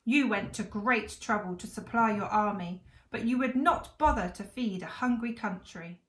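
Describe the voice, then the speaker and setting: A calm, dignified lion king speaks steadily and patiently, read by a woman. Gentle storybook animal ruler. Echoey room. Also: mid-range voice, measured pace.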